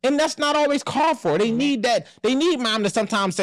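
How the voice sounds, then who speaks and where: A man in his thirties hosting a casual podcast discussion, animated and blunt, acting out family voices and swearing freely. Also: very high-pitched, fairly quick, no echo, clean studio sound. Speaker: podcast host.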